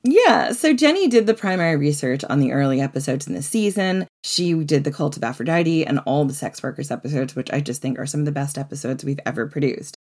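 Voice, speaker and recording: A woman with a gravelly voice, co-hosting a podcast, talking fast and excitedly. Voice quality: gravelly, low voice. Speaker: podcast co-host. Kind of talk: casual podcast chat.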